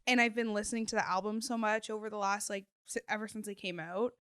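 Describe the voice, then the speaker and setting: A woman's voice: medium pitch, quick pace, smooth, no echo, clean studio sound. A young woman, a guest on a podcast, chatting enthusiastically and full of filler words. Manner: enthusiastic, fillers, animated retelling. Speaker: guest co-host. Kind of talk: casual chat.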